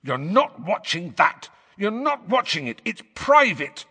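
An angry, defiant teenage boy wizard voiced by a man pushes back in a raised, indignant voice. The sound is pitched well up from the reader's own and recorded close and dry. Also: very animated, unhurried, pushed and bright, husky, no echo, exaggerated voice. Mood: pleading.

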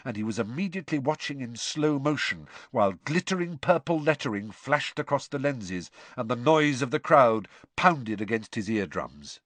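Expressive male audiobook narrator. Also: medium pitch, moderate pace, hardly any pauses, no echo. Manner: expressive, varied delivery.

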